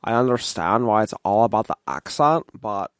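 A man's voice: fairly low pitch, animated, moderate pace, clear, resonant tone, no echo, clean studio sound. A drunk man on a podcast, heckling and mocking his friends during a party game. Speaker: podcast co-host. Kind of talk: drunk casual chat.

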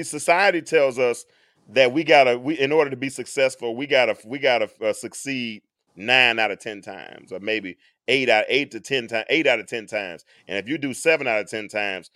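A man's voice: mid-range voice, fairly bright tone, no echo, studio quality. A man in his forties hosting a casual live stream, talking earnestly to his audience and repeating phrases as he builds each point. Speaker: host.

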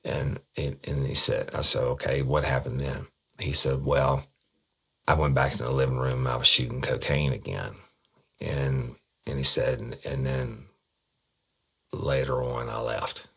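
A man's voice: a bass voice, steady tone, a little slow, vocal fry, fairly bright tone, slightly rough. A middle-aged man, a detective bluntly recounting an interrogation. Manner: blunt, profane storytelling.

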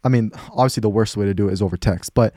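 A young man co-hosting a casual podcast, talking quickly and animatedly to the listeners. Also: on the low side, no room sound. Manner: fast, animated, addresses listeners as guys. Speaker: podcast co-host.

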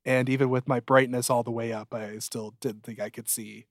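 A male podcast co-host in casual, joking chat, recorded close and dry with no room sound. His voice is mid-pitched and springs upward when he gets excited. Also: moderate pace, no room sound. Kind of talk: casual chat reviewing a TV show.

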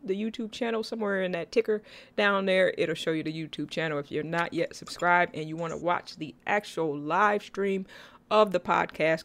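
A woman hosts a casual live-streamed podcast, chatty and playful. She teases her co-host good-naturedly and talks straight to her listeners, with an easy, conversational flow. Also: lowish voice.

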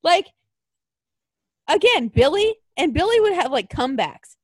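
A woman with a high, bouncing voice rants through a casual talk show, swearing and fired up with mock outrage. The sound is close and dry, with no room around her. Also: sing-song, unhurried, no room sound. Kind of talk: casual wrestling chat.

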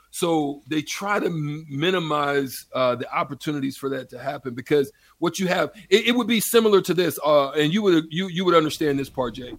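Male ex-athlete co-host, lively storyteller, voice sits a bit high. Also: no room sound. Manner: animated, laughing storyteller. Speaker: radio co-host, former player. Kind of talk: casual sports radio chat.

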